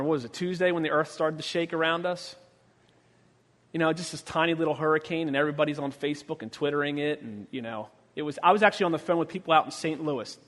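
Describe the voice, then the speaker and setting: A man preaching a sermon as pastor, telling stories with humor and acting out the quotes, his voice swinging from quiet to loud. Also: on the high side. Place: church sanctuary. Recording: long church reverb.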